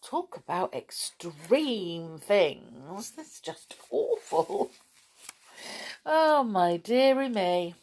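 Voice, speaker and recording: Slow, expressive woman, gravelly. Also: mid-range voice. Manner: exclamatory, playful. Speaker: children's podcast host. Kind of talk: chatty presenting to children.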